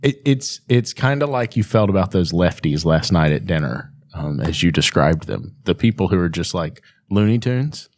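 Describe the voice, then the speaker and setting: A man's voice: deep voice, lively intonation, moderate pace, hardly any pauses, a little mellow, no echo. A man co-hosting a podcast, joking and playfully ribbing his co-host in casual chat.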